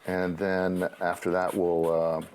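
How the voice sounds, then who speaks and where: Guy with a really deep voice talking beer, lots of uhs, light hiss. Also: monotone, takes it slowly, a little mellow. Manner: hesitant, many uh fillers. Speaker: beer sommelier guest. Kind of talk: casual explanatory chat. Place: studio kitchen.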